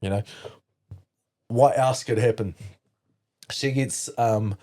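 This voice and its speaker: A man's voice: medium pitch, slow, warm tone. A New man telling his life story as a podcast guest, candid and rambling, with lots of fillers and swearing. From New Zealand. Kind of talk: casual storytelling.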